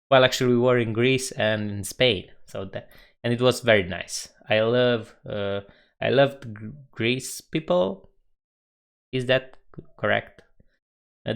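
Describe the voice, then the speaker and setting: A man chatting casually on a live coding stream, reading viewer comments aloud with a relaxed manner and frequent chuckles. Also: medium pitch, gravelly. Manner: relaxed, chuckles often, reads chat aloud.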